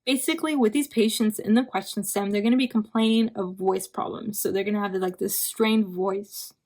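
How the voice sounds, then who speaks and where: A woman's voice: medium pitch, fairly even intonation, brisk, darkish tone. A young woman giving a casual study review lecture, talking conversationally, repeating key terms and checking in with "right?", a bit tired from hours of recording. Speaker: physician assistant student.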